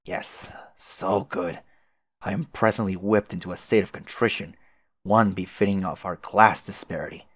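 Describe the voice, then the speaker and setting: A man voicing a stiff, formal, muscular teenage boy troll aristocrat who speaks quietly and precisely. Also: sits low, normal speed, dry recording, studio quality.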